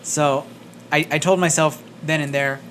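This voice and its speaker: A man co-hosting a podcast, telling stories casually in a small studio, animated and swearing, acting out what people said. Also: fairly high pitch, a little slow, a little hiss or hum. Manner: animated storyteller, swears, acts out quotes. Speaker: podcast co-host. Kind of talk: casual chat.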